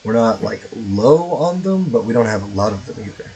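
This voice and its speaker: A man's voice: fairly low pitch, very animated, normal speed, darkish tone, slight background noise, low-quality recording. Rambling male game streamer. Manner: rambling, many fillers and asides, swears casually. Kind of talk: casual gameplay commentary.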